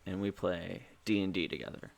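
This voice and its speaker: A man's voice: low-pitched, fairly even intonation, a little fast, gravelly. A man co-hosting a podcast in casual chat, teasing his friend and laughing often. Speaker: podcast co-host.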